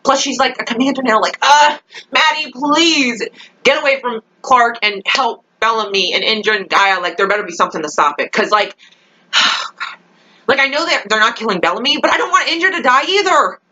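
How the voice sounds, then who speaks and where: Young woman, vlog rant, exasperated, swearing, rambling, bright tense voice. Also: fairly high pitch, expressive, a little fast, rough recording. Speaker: vlogger reacting to a TV episode. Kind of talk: ranting casual monologue.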